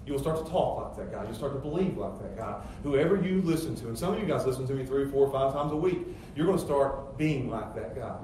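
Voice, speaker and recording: A middle-aged pastor preaching a sermon with emphatic, rising rhetorical questions. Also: male voice, mid-range voice, expressive, quick pace, hardly any pauses, dark tone. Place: church sanctuary. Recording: very echoey church hall, distant mic, faint noise.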